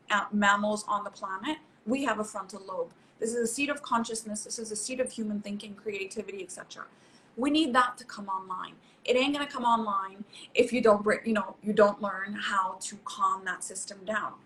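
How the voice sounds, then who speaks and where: With a somewhat high, slightly bright voice, a middle-aged woman psychologist speaks as a guest expert, explaining emphatically like a coach and repeating points for emphasis. The audio is poor, with slight background noise.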